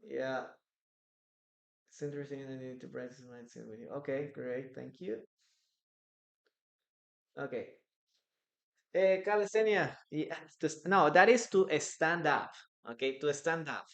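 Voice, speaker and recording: A man's voice: fairly high pitch, measured pace, creaky, long pauses, a bit bright. A man with a Peruvian Spanish accent teaching English in a live online class, answering viewers' questions from the chat. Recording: echoey room.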